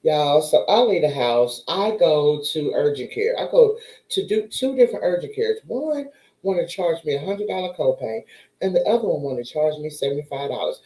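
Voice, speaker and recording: A woman tells a story in a lively, animated way, her pitch leaping up and down as she acts out each person in it. Her voice sits in a mellow, darker tone. The sound is roomy, with a noticeable echo around her. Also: normal speed. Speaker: vlogger. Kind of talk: casual storytime chat.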